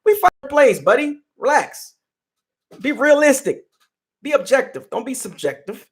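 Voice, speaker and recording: A man's voice: very high-pitched, big pitch swings, normal speed. A man hosting a football fan channel, chatting casually on a live stream and teasing fans in the chat. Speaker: sports channel host.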